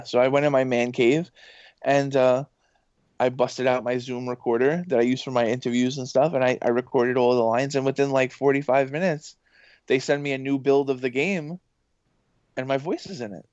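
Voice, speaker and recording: A man talking as a podcast guest in a casual, excitable, rambling way, full of fillers. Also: medium pitch, normal speed, clean tone, no echo. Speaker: podcast guest, professor and voice actor. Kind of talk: casual interview chat. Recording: dull lo-fi dry sound.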